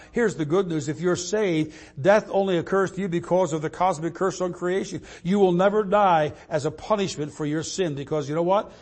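An older man preaching from the pulpit in a notably high voice. He quotes scripture in old-fashioned wording and swings between forceful emphasis and quiet, low asides. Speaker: pastor. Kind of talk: sermon.

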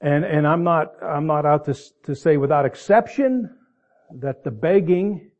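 A man's voice: on the high side, measured pace. Preaching man, slightly muffled recording. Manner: conversational preaching with asides and restarts. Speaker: pastor. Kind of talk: sermon.

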